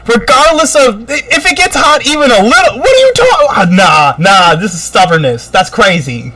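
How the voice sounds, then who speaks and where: An American man co-hosting a podcast rants animatedly in casual chat, swearing a lot and doing mocking impressions with put-on quotes. His voice is extremely high, moving at a moderate pace with hardly any pauses, on a low-quality recording.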